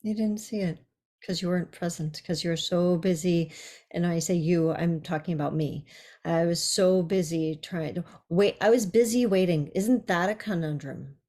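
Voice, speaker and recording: A woman co-hosting a podcast in easy conversation. Her voice is low and mellow, and she turns ideas over thoughtfully as she talks. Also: moderate pace. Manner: reflective, musing. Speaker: podcast co-host. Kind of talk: casual conversation.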